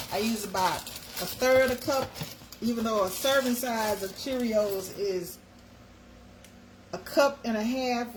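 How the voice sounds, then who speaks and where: A woman's voice: mid-range voice, slight background noise. A woman hosting a casual livestream, chatting folksily with her viewers while she makes breakfast. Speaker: livestream host.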